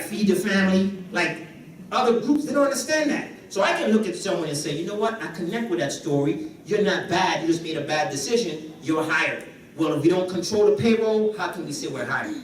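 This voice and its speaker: High-voiced man speaking in an echoey hall. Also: a little hiss or hum. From Caribbean. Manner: animated, joking with the audience. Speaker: conference speaker. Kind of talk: motivational business talk. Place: conference hall. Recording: echoey hall, distant mic.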